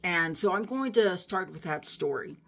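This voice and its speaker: Earnest woman with a gravelly low voice. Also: lively intonation, normal speed, a bit bright. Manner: earnest and emotional, with frequent restarts. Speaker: Christian vlogger. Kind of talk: personal testimony talk to camera.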